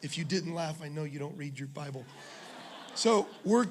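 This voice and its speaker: A man's voice: a little high, animated, normal speed, noisy background. A male pastor preaching a sermon, telling humorous stories and joking with the congregation. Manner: humorous storytelling, jokes with the congregation. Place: church service in a school venue.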